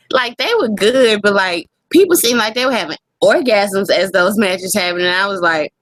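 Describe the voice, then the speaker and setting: A woman co-hosting a casual wrestling podcast, animated and profane, laughing often. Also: mid-range voice, measured pace, no echo. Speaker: podcast co-host.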